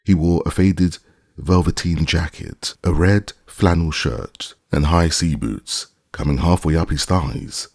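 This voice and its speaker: A man narrating a classic short story as an audiobook, in a measured, deliberate way. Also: deep voice, vocal fry, a little mellow, no room sound, clean studio sound.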